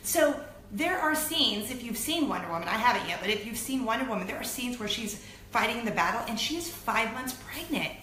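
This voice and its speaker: Bright chatty woman in an echoey room. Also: a little high, fairly quick. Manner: chatty, animated, self-deprecating. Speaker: host of a weekly web show. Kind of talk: casual chat to camera. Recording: echoey room with faint noise.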